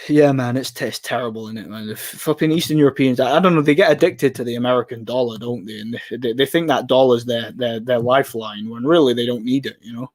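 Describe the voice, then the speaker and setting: A man's voice: mid-range voice, fast, hardly any pauses, dry recording. Tired man with a Midlands accent, dry close mic. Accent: English Midlands. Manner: rambling, laughing, repeats himself. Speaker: livestream host reading chat. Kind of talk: casual chat.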